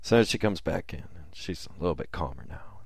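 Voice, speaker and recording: A man's voice: extremely low pitch, animated, fairly quick, vocal fry, slightly rough, dry recording, clean studio sound. A man telling a personal story in a casual, rambling way with fillers and chuckles.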